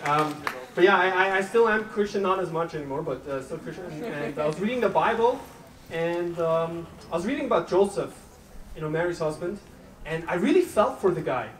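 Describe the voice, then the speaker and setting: A man's voice: on the high side, animated. Brief: male comic, conversational, heard from a distance in a live room. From Austria. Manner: conversational, chats with audience, halting restarts. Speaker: stand-up comedian. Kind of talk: live stand-up set. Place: comedy club stage, live audience. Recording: roomy club, distant mic, crowd noise.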